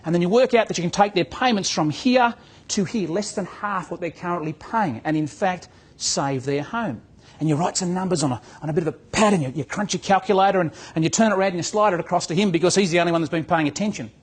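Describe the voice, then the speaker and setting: A man's voice: high-pitched, fast. A man giving a motivational talk to real estate agents as a business coach, telling a story and acting out its dialogue. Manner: storytelling, acts out dialogue, repeats words.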